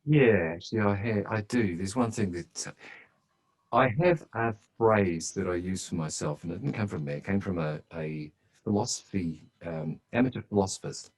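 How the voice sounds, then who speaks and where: A man's voice: sits low, expressive, moderate pace, poor audio. A man speaking as a guest on a podcast interview, telling stories in a chatty, enthusiastic way.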